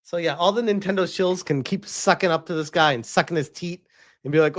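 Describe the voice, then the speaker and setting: A man's voice: on the high side, fairly quick. A man ranting as a gaming streamer on a live stream, heated, exasperated and swearing freely.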